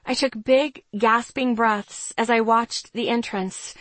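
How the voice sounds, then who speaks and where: A woman's voice: a little high, steady tone, slow, fairly bright tone, dry recording. A woman reading a first-person story aloud in a tense, dramatic way. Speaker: narrator. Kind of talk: first-person audiobook narration.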